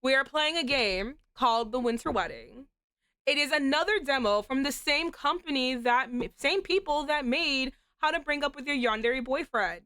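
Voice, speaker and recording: A woman streamer chatting casually to her viewers while getting over a cold, with a slight rasp in her throat, giggly and chatty with sudden animated outbursts. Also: high-pitched, normal speed, dry recording. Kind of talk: casual live-stream chat.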